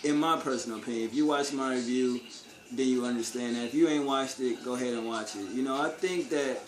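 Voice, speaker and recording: A man's voice: mid-range voice, brisk. A man vlogging a casual opinion rant, blunt and profane, full of street slang and rhetorical questions. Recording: echoey room with faint ambience.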